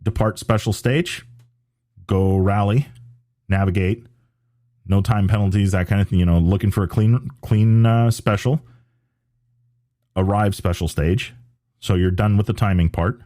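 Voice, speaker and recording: A man's voice: on the low side, fairly even intonation, normal speed, mellow, no room sound, studio quality. A man hosting a podcast, chatting casually about off-road racing and rambling with many restarts and fillers. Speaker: podcast host.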